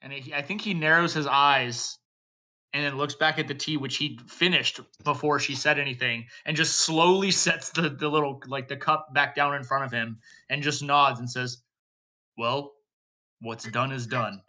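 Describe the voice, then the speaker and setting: A man's voice: fairly high pitch, steady tone, normal speed, sharp tone. A man playing a tabletop game, describing his character's actions hesitantly with many fillers. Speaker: player.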